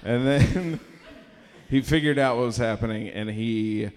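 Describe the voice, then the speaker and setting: A comedian with an unhurried, mid-range, darkish voice tells a meandering, filler-heavy story on stage at a live comedy showcase, laughing at his own jokes. A long reverb tail trails his words.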